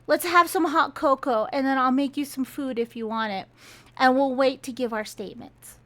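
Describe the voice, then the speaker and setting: A woman's voice: high-pitched, steady tone, normal speed, a bit bright. Woman playing a doting, fussing young man.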